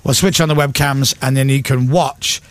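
A man's voice: medium pitch, steady tone, moderate pace, dry recording. A man hosting a radio show in a studio, upbeat as he guides a guessing segment. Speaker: radio host. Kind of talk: breakfast radio presenting.

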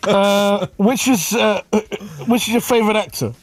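A man's voice: sits high, moderate pace, no echo, pitched above the performer's own voice. A man putting on a voice as a hesitant, gushing fan calling in to a radio show. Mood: eager.

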